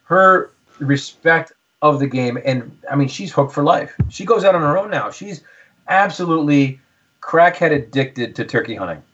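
A man's voice: on the high side, animated, normal speed, fairly bright tone. A man in his thirties, a podcast guest, telling hunting stories in an eager, rambling way, often repeating words as he thinks. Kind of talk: casual storytelling. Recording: slightly dull lo-fi audio.

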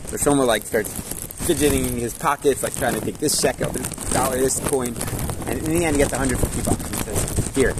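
A man's voice: medium pitch, a little fast, heavy background noise. A man teaching a Torah class through stories, in a casual manner that checks in with listeners and drops Hebrew and Yiddish words.

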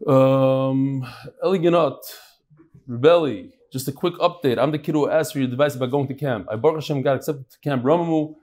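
A man's voice: medium pitch, fairly quick, darkish tone. A man teaching a live class, reading out listener messages and adding casual asides, full of Yiddish and Hebrew terms.

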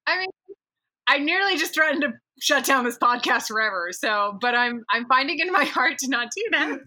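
A woman's voice: high-pitched, animated, moderate pace, bright, forceful tone. A woman co-hosting a casual podcast, chatty, swearing freely and filling her talk with "like.". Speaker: podcast co-host. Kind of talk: casual chat.

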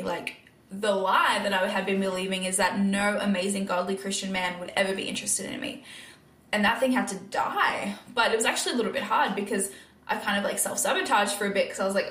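A woman's voice: medium pitch, fairly quick, fairly bright tone, echoey room. A woman hosting a casual faith-based podcast monologue, earnest and encouraging, with lots of filler words. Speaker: podcast host.

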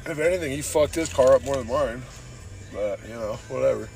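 A man's voice: medium pitch, a little fast, gravelly, a little mellow. Man from san diego, podcast host, swearing rant, rambling, mid-range voice, faint music behind. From San Diego, Southern California. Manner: profane, rambling, says "dude" constantly. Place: in a car while driving.

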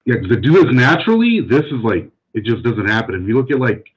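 A man's voice: medium pitch, sing-song, fast, husky, highs cut off. A man in casual podcast chat, loose and full of fillers.

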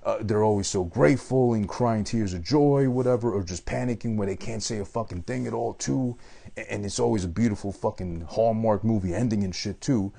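A man's voice: lowish voice, brisk, vocal fry, mellow. A man giving a rambling, profane, casual monologue about a movie he loves. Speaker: movie reviewer.

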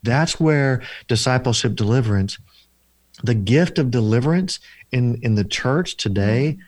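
A man's voice: mid-range voice, expressive, a little slow, darkish tone, dry recording. A man, a deliverance minister and counselor, telling stories in an interview in an earnest, repetitive preaching cadence. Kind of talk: interview storytelling.

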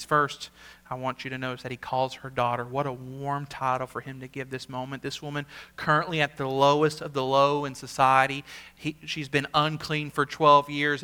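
Bright-voiced preaching man. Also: medium pitch, smooth. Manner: earnest preaching, rising to emphatic peaks and dropping to quiet asides; repeats words for emphasis. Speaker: senior pastor. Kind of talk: sermon.

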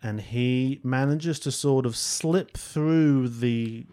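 A man's voice: medium pitch, slow pace, mellow, clear, resonant tone. Chatty man co-hosting a podcast. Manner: chatty, self-deprecating, jokey. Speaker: podcast co-host. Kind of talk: casual film review chat.

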